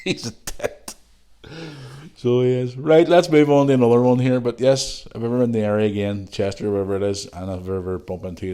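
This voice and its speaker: A middle-aged man with a Northern Irish accent chats casually as a podcast host, reading out messages from listeners. His voice sits a little low. He talks in a loose, rambling way and drifts into jokey asides. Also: mellow. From Northern Ireland.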